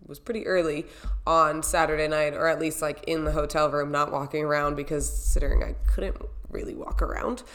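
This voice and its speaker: A young woman tells her story in a loose, chatty vlog recap. Her voice sits a little low for a woman, and she rambles from one moment to the next. She acts out her own reactions as she goes. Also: flat delivery, brisk, a bit bright.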